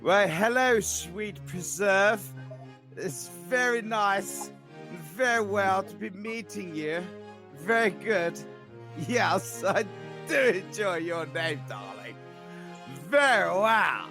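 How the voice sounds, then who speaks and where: A man putting on an exaggerated posh English gentleman voice, overly polite and stiff. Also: high-pitched, animated, slow pace, faint music behind, voice pushed up, heavily acted. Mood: mock-formal. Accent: posh English put-on.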